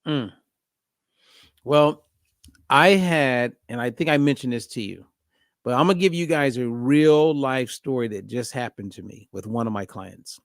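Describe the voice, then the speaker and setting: A man hosting a casual podcast conversation as a diet coach, telling a story with lively acted-out dialogue. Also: mid-range voice, a little slow, no room sound, studio quality. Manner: animated storyteller acting out both sides of a phone call.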